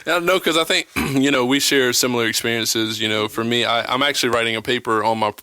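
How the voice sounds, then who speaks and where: A man from South Carolina hosts the conversation with a bright, forceful tone at an ordinary pitch. He talks loosely and leans on "you know" between his thoughts, and the sound is close and dry. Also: fast, clean tone, dry recording. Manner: relaxed, frequent "you know" fillers. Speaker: podcast host. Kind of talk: casual conversation.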